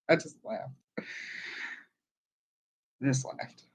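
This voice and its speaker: Chatty woman telling family stories. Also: extremely slow. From Southern United States. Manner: meandering, chatty storytelling. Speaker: podcast host. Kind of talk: casual livestream chat.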